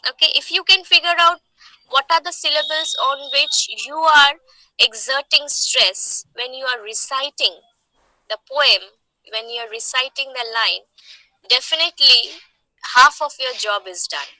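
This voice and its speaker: Teacher lady, high voice, slow and deliberate, keeps asking okay?, dry close sound. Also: bright, forceful tone, no echo, low-quality recording. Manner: slow, emphatic, checks in with "okay?". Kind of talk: classroom lecture on poetry.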